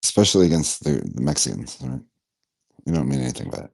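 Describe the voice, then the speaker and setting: A man's voice: very deep voice, expressive, fast, gravelly, darkish tone, husky, no room sound. A man bantering casually in a voice chat, full of wisecracks.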